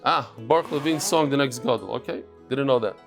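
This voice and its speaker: A man's voice: medium pitch, brisk, vocal fry, soft background music. A middle-aged man teaching a daily Talmud class, asking and answering his own questions and bantering with students in the room. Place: classroom with a live audience.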